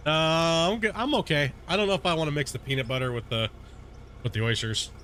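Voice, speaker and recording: A man streaming a game, chatting casually with his viewers in a relaxed, rambling way full of fillers. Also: a little high, a little fast, slight background noise. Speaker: gaming streamer. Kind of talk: casual chat with live viewers while playing.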